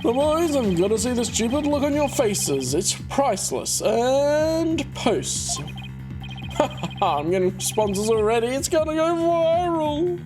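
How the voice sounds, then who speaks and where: A woman's voice: high-pitched, sing-song, slow pace, music in the background, voice pushed up, exaggerated voice. A woman playing a smug, sneering TV producer villain. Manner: sneering, drawling, mocking.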